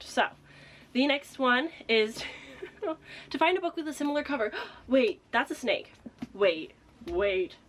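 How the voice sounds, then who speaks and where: A young woman chatting casually as a book vlogger, excitable and laughing often, a little out of breath. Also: fairly high pitch, a little hiss or hum. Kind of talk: casual vlog chat.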